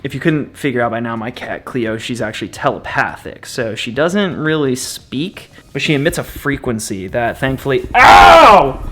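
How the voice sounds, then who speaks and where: A man's voice: medium pitch, normal speed, hardly any pauses, a bit bright, soft background music. A man talking casually to camera as a vlogger, playful and joking in his asides. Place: home, bathroom and truck with travel trailer.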